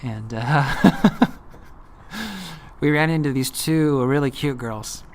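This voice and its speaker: A man's voice: on the high side, animated, slow. A young man from California casually telling a story about himself, self-deprecating and rambling with fillers.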